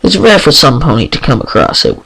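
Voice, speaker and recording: A bookish young unicorn mare , read by a man in his own voice, modest and a little flustered, with a gravelly texture and lively pitch. It is a casual storybook reading. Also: a little fast, heavily acted, poor audio. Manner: sighing, modest, a bit flustered.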